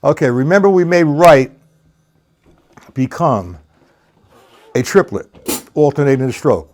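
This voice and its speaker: On a very noisy live stream, a drum teacher answers chat, greeting viewers by name and counting rhythms out loud as he plays. His voice sits on the high side with big pitch swings, and he talks at a moderate pace with frequent pauses.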